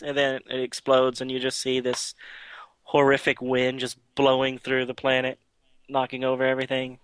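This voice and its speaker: A man's voice: medium pitch, completely flat delivery, normal speed, a bit bright, clean tone, dry recording. A man co-hosting a podcast, chatting casually and rambling through a comic recap with many fillers and restarts. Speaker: podcast co-host.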